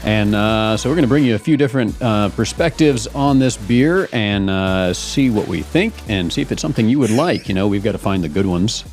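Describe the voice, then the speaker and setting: A man's voice: on the low side, fairly quick, hardly any pauses, faint music behind. A man hosting a casual beer podcast, talking with a congested allergy voice and telling jokes and stories. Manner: animated, joking storyteller. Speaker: podcast host.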